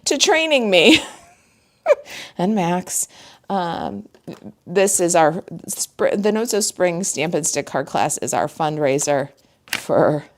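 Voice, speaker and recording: A woman's voice: on the low side, lively intonation, takes it slowly. A woman demonstrator from the United States leading a live online card-making class, chatty and laughing often as she greets viewers by name.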